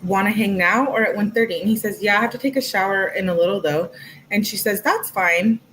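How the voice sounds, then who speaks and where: This is a casual livestream read-through where a young woman voices text messages and adds chatty asides as she goes. She speaks briskly with a medium pitch and a fairly bright tone, though the audio is poor and has slight background noise.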